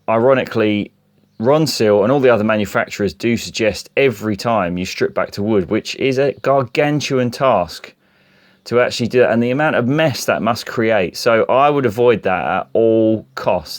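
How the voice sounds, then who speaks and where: Lowish practical man walking you through a diy job, no-frills, dry close sound. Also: no echo. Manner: practical, plain-spoken, explanatory. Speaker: decorator explaining a job. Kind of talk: DIY tutorial.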